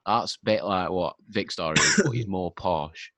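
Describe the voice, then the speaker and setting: Deep-voiced young man, blunt. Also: a little slow, fairly bright tone, dry recording. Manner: blunt and opinionated, swears freely. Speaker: podcast co-host. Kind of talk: casual chat.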